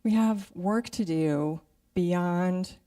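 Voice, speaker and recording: A woman's voice: lowish voice, very slow, mellow, distant mic. A middle-aged woman giving a conversational sermon as guest speaker, acting out her own inner voice. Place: church sanctuary.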